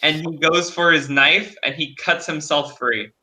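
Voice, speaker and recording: A man running a tabletop game as game master, unhurried and laughing often. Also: a little high, pushed and bright.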